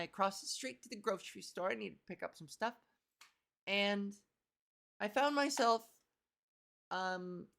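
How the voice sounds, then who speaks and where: Hosting her podcast, a young woman from Canada tells a comic story casually, making fun of herself, laughing a lot, and playing out brief back-and-forths. Her mid-range voice is gravelly and a bit bright, with a buzzy edge.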